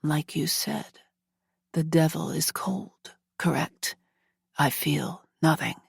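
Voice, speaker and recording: Woman voicing a cold dangerous man, audiobook romance, low menacing murmur, very slow, dry recording. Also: vocal fry, slightly rough, no echo, full character voice.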